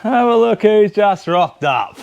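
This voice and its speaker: A man's voice: high-pitched, animated, a little slow, gravelly, highs cut off. A man with an Australian accent, chatting and joking casually while working on a car in his shed. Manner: jokey, teasing, chatty. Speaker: channel host. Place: home shed workshop.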